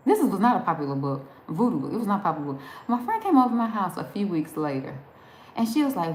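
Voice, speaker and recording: A woman's voice: on the low side, sing-song, fast talker, darkish tone. A woman from New Jersey with a Southern accent, rambling and laughing as she chats with viewers on a live stream. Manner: chatty, rambling, laughs often. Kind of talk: casual chat reading viewer comments. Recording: echoey room with faint background noise.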